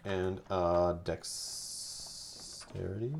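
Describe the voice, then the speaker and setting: A man's voice: deep voice, little pitch movement, extremely slow, gravelly, a little hiss or hum. A man hosting a live board game playthrough, chatting casually, joking with the players and explaining the rules as he goes.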